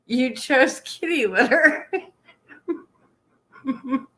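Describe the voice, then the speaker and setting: Woman, live streamer, giggly, slow drawl, fairly high voice. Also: animated, bright, forceful tone. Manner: giggly, laughs through her words. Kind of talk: casual live-stream chat.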